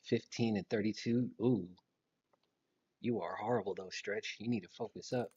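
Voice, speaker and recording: A man's voice: on the low side, steady tone, normal speed, a little mellow, husky, highs cut off. A man livestreaming a shooter game, chatting casually, ranting and trash-talking with a lot of profanity. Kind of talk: casual gameplay commentary. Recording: gunfire and game sounds behind.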